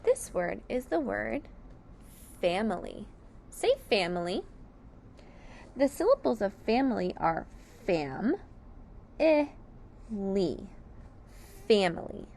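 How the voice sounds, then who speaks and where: A woman teacher slowly sounding out sight words, syllable by syllable, for young children. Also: medium pitch, big pitch swings, darkish tone, a little hiss or hum. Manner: clear, deliberate sounding out of each letter. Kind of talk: slow phonics lesson.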